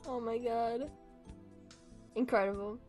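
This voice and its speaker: A woman's voice: a little high, fairly even intonation, slow, darkish tone, soft background music. A woman livestreaming in a casual chat, giggly and swearing often, laughing through her sentences.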